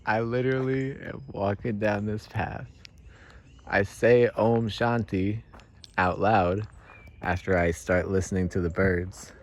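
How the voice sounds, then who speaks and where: A man's voice: on the low side, fairly even intonation, slow pace. Man telling an earnest tall tale. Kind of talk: casual anecdote.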